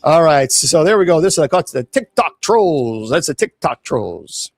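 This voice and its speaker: Animated, defiant male clergyman host. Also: a little high, normal speed, faint music behind. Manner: defiant, animated, addresses online trolls. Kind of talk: casual livestream talk.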